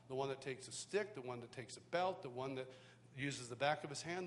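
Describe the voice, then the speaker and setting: A man from the United States with a fairly high, slightly bright voice shares a personal testimony as a worship teacher at a live worship school. He tells it conversationally, like a story, restarting often. It was recorded live in a large hall with long reverb and a faint hum.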